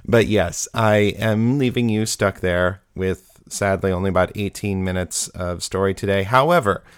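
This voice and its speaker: A man's voice: on the low side, clear, resonant tone, dry recording, studio quality. A man hosting a podcast and chatting casually through listener feedback, playful and enthusiastic. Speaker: podcast host.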